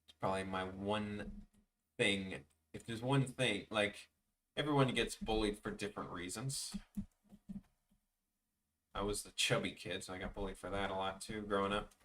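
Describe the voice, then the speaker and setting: Rambling young man, bright and off-mic. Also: fairly low pitch, fairly even intonation, moderate pace, pauses often, recorded from a distance, a little hiss or hum. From Chicago, USA. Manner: rambling, self-deprecating, stammers and restarts. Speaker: streamer. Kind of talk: casual chat while drawing on stream.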